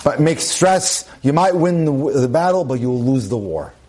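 A man teaches a Torah class as a rabbi, giving a lecture on relationships. He speaks emphatically, repeats phrases for stress, and drops in Hebrew terms. His mid-range voice is expressive and darkish in tone, at a normal speed.

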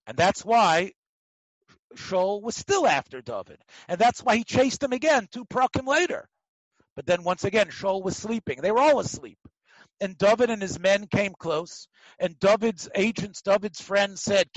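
A man teaching a Talmud class, telling the stories in an animated way, acting out the quotes and often restarting his sentences. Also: high voice, moderate pace, no room sound, rough recording. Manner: animated storytelling, acts out quotes, frequent restarts. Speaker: Torah teacher.

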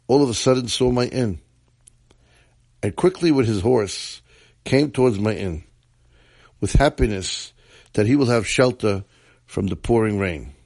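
A man's voice: medium pitch, a little mellow, no room sound. A man voicing a dying, repentant old innkeeper who pleads in a weak voice. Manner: pleading, remorseful confession.

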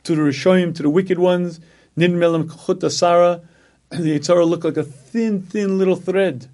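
A man delivers a religious sermon in a slightly raised register. He keeps clearing his throat between phrases. He drives points home by repeating key words. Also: high-pitched, steady tone, a little fast, mellow. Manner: frequent throat clearing, emphatic repetition. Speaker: rabbi giving a talk.

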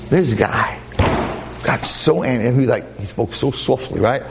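A man lecturing and telling a story with lively jokes and frequent restarts, speaking to listeners in a room. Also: mid-range voice, normal speed, gravelly, big-room sound, background noise. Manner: animated, repetitive restarts, joking. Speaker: Jewish lecturer.

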